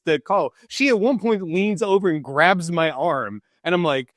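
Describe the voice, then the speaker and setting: Animated, laughing man telling a story. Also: a little high, moderate pace, few pauses, dry recording, clean studio sound. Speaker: show co-host. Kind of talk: casual chat.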